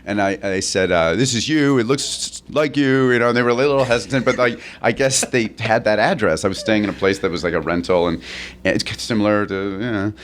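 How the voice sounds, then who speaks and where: A man's voice: on the low side, quick pace, slight background noise. A middle-aged man, an actor, telling a rambling anecdote with many restarts and laughs, often raising his voice to act out other people's lines. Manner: acts out others' lines in a raised voice. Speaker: interview guest, actor.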